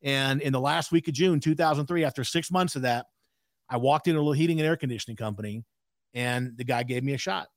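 A man's voice: mid-range voice, fast talker, no room sound, clean studio sound. A man in his sixties, a podcast guest telling a candid story in an emphatic way with frequent asides.

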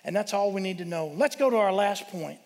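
A man preaching a sermon as pastor, telling a story with emphatic shouted peaks. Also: sits high, brisk. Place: church sanctuary. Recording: long reverb of a church hall.

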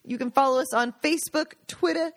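A woman co-hosting a podcast in casual chat, excitable and laughing often. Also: sits high, fairly quick. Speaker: podcast co-host.

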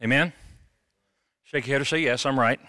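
A middle-aged man preaching a sermon as a pastor, animated and conversational, with jokes. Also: mid-range voice, normal speed, no room sound, studio quality.

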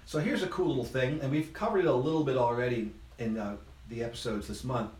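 A man giving an instrument lesson, counting beats aloud in an encouraging, relaxed way while he plays. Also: mid-range voice, fast, reverberant. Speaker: music teacher.

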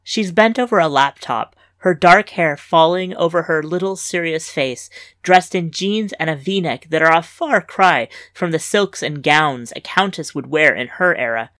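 Woman reading fiction, slightly low, dry. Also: expressive, a little slow, a bit bright, no room sound. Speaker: story reader and host. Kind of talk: scripted fiction narration.

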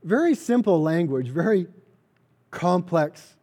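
A man's voice: high-pitched, sing-song, slow pace, warm tone. A man preaching a sermon, earnest and emphatic, repeating key phrases for weight. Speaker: pastor.

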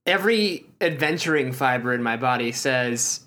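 A man's voice: mid-range voice, animated, normal speed, sharp tone. A young man playing in a tabletop game, cracking jokes in casual chat. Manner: wisecracking. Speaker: player.

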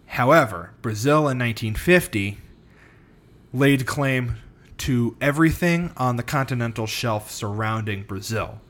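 A man's voice: medium pitch, unhurried, a bit bright. A man co-hosting a casual podcast, explaining a history story with loose fillers and casual swearing. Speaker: podcast co-host presenting a history topic.

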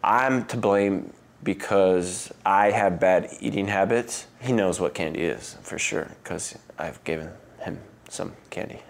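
A man's voice: deep voice, unhurried, vocal fry. A man in his thirties telling personal stories in a casual interview, full of "like" and "um" fillers.

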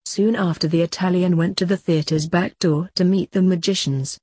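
Woman narrating a story, dark husky voice. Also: fairly low pitch, steady tone, moderate pace, dry recording, studio quality.

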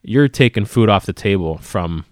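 Casting: low-voiced male podcast co-host, relaxed explainer, dry close recording. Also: no room sound. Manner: explanatory, halting with fillers. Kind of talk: casual podcast discussion.

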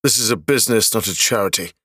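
A man's voice: lowish voice, fast talker, pushed and bright, husky, no echo, clean studio sound. A male narrator voicing a ruthless corporate businessman in a suit who speaks curtly and confidently, in an audio story. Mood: commanding. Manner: curt, confident. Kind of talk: audiobook character voice.

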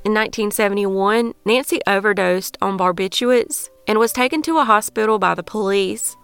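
Southern lady reading true crime script, steady and even, smooth voice, light music under it. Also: mid-range voice, moderate pace, no room sound. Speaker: true crime podcast host.

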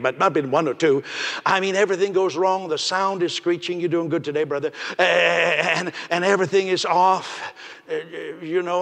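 A pastor preaching a sermon, lively and acting out the people in his stories. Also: on the high side, in a large hall.

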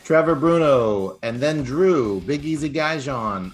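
A man hosting a casual sports podcast, reading standings quickly with teasing asides and fillers. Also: medium pitch, expressive, faint music behind. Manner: reads standings fast, teasing, filler-heavy. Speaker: podcast host.

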